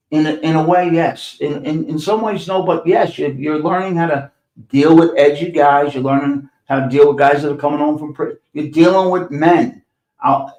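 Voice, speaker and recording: A man's voice: on the high side, a little mellow. Blunt, profane New York man, older. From New York City. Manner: blunt, profane, sarcastic, repeats himself. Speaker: podcast host. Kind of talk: profane storytelling monologue. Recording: echoey room.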